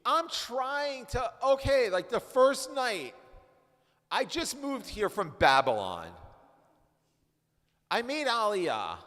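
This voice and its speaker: A man's voice: very high-pitched, sing-song, takes it slowly, pauses often, a bit bright, voice pushed up, exaggerated voice. A man playing an exasperated, complaining husband who has newly arrived from Babylon, in a role-play during a text study. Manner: complaining, full of asides. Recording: reverberant hall.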